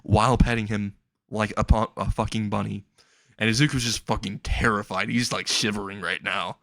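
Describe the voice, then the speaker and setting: A man's voice: on the low side, fairly even intonation, moderate pace, creaky, a bit bright, dry recording, studio quality. A man casually telling a comic fan story, laughing and swearing as he rambles along.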